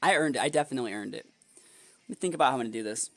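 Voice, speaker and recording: Young man, gameplay commentary, thinking aloud, exasperated streak, lively pitch, dry close sound. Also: very fast, no echo. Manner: analytical, muttering strategy to himself, then bursting into exasperated outbursts. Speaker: competitive game player and video creator.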